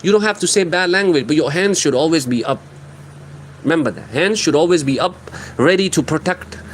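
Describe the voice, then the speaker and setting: Male reaction commentator, mocking tone, slightly high pitch, light background noise. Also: animated, a little fast. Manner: mocking, laughing, lecturing.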